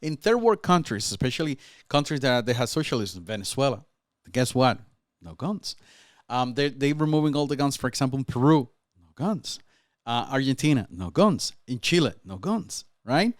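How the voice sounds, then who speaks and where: A man's voice: medium pitch, expressive, normal speed, no echo, studio quality. A man with a Dominican Spanish accent, a Spanish speaker, talking politics as a guest in a casual chat in a fervent, urging way. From Dominican Republic. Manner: fervent, urging, tags lines with "right?".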